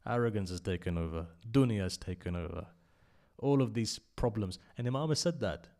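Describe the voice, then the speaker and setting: A man giving an impassioned sermon at a memorial gathering, telling a story and swinging between loud emphasis and hushed asides. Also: on the low side, animated, brisk. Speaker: speaker at a memorial majlis.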